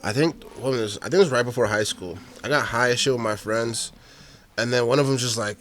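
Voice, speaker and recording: A young man, telling profane stories in an animated, slangy way in casual podcast chat. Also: medium pitch, brisk. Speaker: podcast guest or host.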